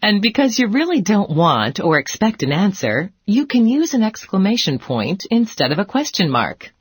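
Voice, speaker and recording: A woman's voice: medium pitch, sing-song, moderate pace, husky, dry recording. A woman playing a teacher in a scripted educational dialogue, patient and encouraging.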